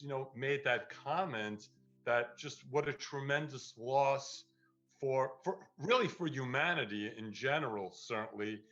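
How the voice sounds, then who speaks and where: Slow, halting man on a dull recording. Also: medium pitch, a bit bright. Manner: halting, stammering, searching for words. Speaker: tribute speaker. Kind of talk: reflective tribute remarks.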